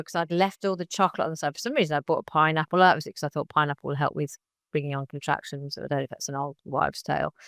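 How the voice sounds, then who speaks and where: A woman's voice: low voice, smooth, no echo, studio quality. A woman, a guest on a podcast recounting her story and acting out other people's lines as she goes. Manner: animated retelling that acts out other people's lines. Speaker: interview guest.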